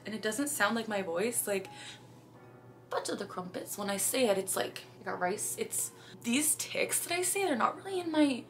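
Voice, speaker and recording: A woman's voice: mid-range voice, a bit bright. A young woman from Canada talking casually to camera in a vlog, chatty, with sudden phrases blurted out between sentences. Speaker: vlogger.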